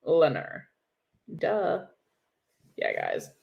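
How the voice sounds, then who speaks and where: A woman's voice: sits low, huge pitch swings, extremely slow, vocal fry, highs cut off. A young woman co-hosting a livestream, chatting casually and sarcastically about hockey with frequent laughs. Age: young adult. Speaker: podcast co-host.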